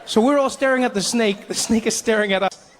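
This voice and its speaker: A male stand-up comedian with a notably high voice, telling a story with a lot of energy. He jumps in and out of the characters, and a faint hum of noise sits under the stage sound. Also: fairly quick. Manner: animated, acts out every character. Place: comedy stage with laughing audience.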